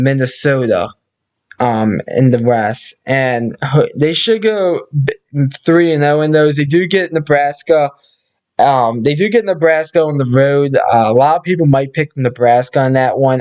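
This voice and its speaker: A man talks through his sports predictions in a loose, rambling way, stopping and restarting often. His pitch sits in the middle. The recording sounds a bit dull and lo-fi. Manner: rambling, many fillers and restarts. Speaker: sports video host. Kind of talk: casual sports predictions talk.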